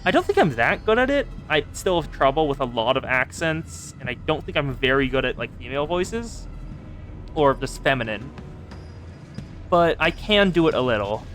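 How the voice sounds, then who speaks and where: A man's voice: medium pitch, very animated, normal speed, fairly bright tone, soft background music. A man from California streaming a video game, reading its dialogue aloud and chatting playfully, fond of doing funny voices.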